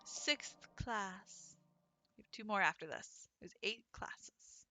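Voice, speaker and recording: Bright-voiced woman reading a game aloud. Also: mid-range voice, slow pace, soft background music. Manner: casual, offhand asides. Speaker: let's play streamer reading a visual novel. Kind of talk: casual commentary and reading game text.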